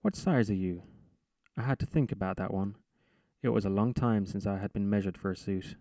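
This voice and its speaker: Low-voiced man reading his story. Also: fairly even intonation, fairly quick, dark tone, dry recording. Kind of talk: literary reading.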